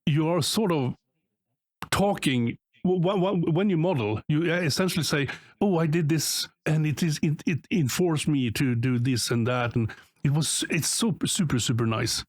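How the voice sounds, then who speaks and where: A man's voice: fairly high pitch, moderate pace, no room sound. A man co-hosting a podcast and interviewing a guest in casual chat, hesitant with many filler sounds.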